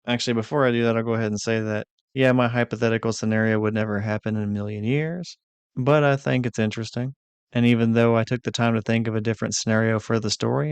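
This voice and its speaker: A man recapping and commenting on a video game's story, first in a punchy announcer manner and then in easier, relaxed talk. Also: medium pitch, creaky, clean tone, no room sound. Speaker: gaming video creator. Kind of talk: high-energy announcer-style recap.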